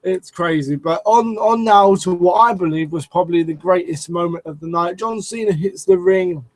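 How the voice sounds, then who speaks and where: High-voiced man ranting casually. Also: normal speed, no room sound, poor audio. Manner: rambling, profane, lots of restarts and fillers. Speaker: wrestling show reviewer. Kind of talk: casual commentary review.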